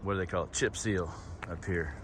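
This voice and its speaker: Walking a coastal hiking trail, a man vlogs to his camera, rambling and chatty in casual conversation. His voice sits low with a steady tone, he talks fairly quickly, and background noise is present.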